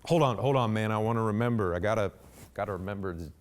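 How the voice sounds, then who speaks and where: This one-man stage monologue comes from a man with a fairly low, natural voice who talks fast, with slight background noise. He plays a rambling blue-collar husband speaking to a police officer, constantly saying "man" and restarting his sentences.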